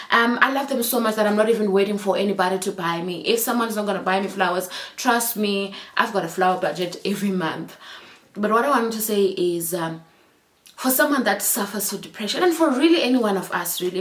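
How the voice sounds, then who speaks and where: A woman vlogger in her thirties speaks in a reflective chat vlog. Her pitch sits in the middle, and she talks earnestly and from the heart. She pauses on fillers and restarts her phrases now and then. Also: fairly bright tone.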